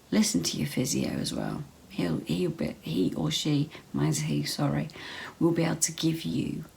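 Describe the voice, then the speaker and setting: A woman's voice: deep voice, gravelly, a little mellow, a little hiss or hum, poor audio. A woman vlogging casual health advice straight to camera, chatty, full of ums and repeated phrases.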